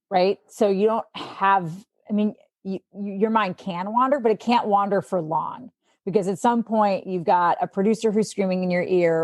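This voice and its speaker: A woman with a Midwestern accent, a sports anchor, chatting as a podcast guest and telling stories in a lively way. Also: lowish voice, no echo. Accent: Midwestern American. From Milwaukee, Wisconsin. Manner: chatty, animated storyteller. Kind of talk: casual interview chat.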